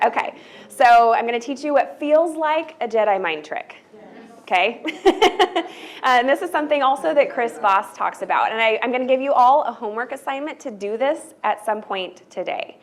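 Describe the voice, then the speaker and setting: A woman's voice: fairly high pitch, animated, normal speed. A woman presenting a training workshop to college staff, speaking in a loose, conversational way and often checking in with "right?". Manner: loose, filler-heavy delivery with restarts.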